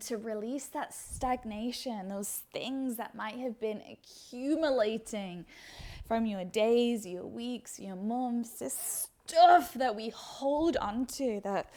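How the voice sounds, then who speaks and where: A woman teaching a guided yoga class, coaching movement and breath in a soothing way, with audible sighs as she breathes out. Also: on the high side.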